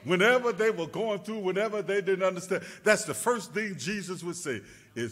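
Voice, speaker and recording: A male pastor preaching a sermon, rising to shouts and dropping to a hush, repeating words and calling out to his congregation. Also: animated, moderate pace. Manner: rising to shouts then dropping low and quiet.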